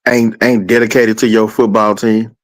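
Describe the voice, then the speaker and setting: A man's voice: lowish voice, flat delivery, normal speed, rough recording. A man on a casual sports panel who talks bluntly and trash-talks with plenty of profanity.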